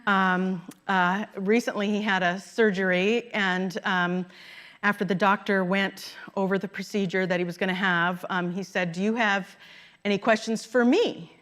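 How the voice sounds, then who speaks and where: A woman's voice: mid-range voice, steady tone, moderate pace, a bit bright. Woman minister preaching, conversational. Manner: conversational, laughs at her own stories. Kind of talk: sermon. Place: church sanctuary.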